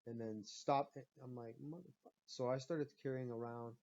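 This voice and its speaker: A man hosting a podcast and ranting in a profane, animated way about his own stories. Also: mid-range voice, normal speed. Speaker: podcast host. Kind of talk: profane comedic rant. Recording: muffled lo-fi recording.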